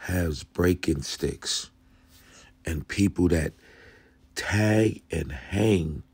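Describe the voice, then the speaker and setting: Gruff, profane man ranting about dogs. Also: sits low, darkish tone, no room sound. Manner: blunt, profane, street slang. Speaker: dog channel host. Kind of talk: casual commentary reacting to a video.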